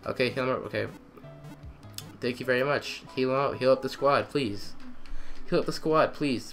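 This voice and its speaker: A young man giving excitable let's-play commentary, trash-talking the game and repeating phrases in quick bursts. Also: mid-range voice, soft background music. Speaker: gamer.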